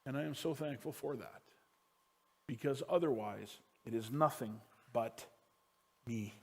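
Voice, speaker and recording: A man who is a pastor, preaching a sermon that moves from loud emphasis down to hushed, quiet lines as he tells a family story. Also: mid-range voice, measured pace, creaky.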